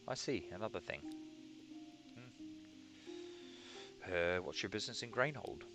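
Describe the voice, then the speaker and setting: Low-voiced male gamer, wry and offhand, guitar music behind. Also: takes it slowly, pauses often. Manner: casual, wry, reads out game text. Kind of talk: let's play commentary.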